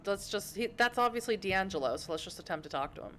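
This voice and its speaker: A woman's voice: medium pitch, animated, quick pace, few pauses, a little hiss or hum. A woman streaming a narrative game, reading its narration aloud and chatting with chatty, giggly joking asides.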